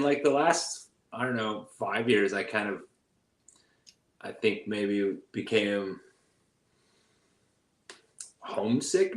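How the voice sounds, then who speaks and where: A man with an American accent touched by Australian, chatting as a guest in a relaxed, hesitant way. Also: on the low side, roomy sound. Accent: American with slight Australian tinge. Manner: relaxed, hesitant, lots of fillers. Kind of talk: casual chat.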